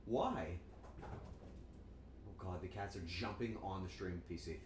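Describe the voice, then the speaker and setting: A man's voice: deep voice, a little slow, noisy background. A man casually chatting with his viewers on a cooking stream, playful and joking. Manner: playful, joking with chat, animated outbursts. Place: home kitchen. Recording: echoey room, faint ambience.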